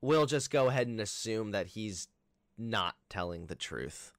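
A man's voice: fairly low pitch, lively intonation, unhurried, no room sound, studio quality. A man hosting a reaction video, mocking the clips he plays with sarcastic asides. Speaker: YouTube commentator.

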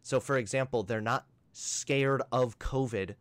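A man's voice: mid-range voice, unhurried, dry recording. A young man doing sarcastic, combative reaction commentary and arguing with a caller. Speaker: commentary streamer. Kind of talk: reaction commentary and phone debate.

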